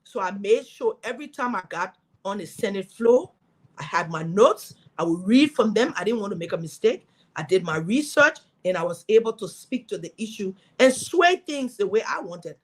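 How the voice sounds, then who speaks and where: A middle-aged woman from Liberia speaking, a guest in an interview telling her story as a former senator with lively, preaching energy. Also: medium pitch, moderate pace, rough recording. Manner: animated, preaching storytelling with acted quotes.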